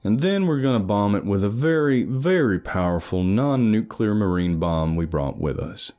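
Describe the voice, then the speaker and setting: A man voicing a scheming male expedition leader who briskly lays out a plan and mocks his crew. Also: fairly low pitch, lively intonation, dark tone, natural voice. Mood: briefing.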